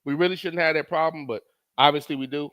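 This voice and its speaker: A high-voiced man hosts a casual live stream. He talks loosely and keeps circling back over his own phrases. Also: quick pace. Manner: laughing, animated, repeats phrases. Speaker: streamer host.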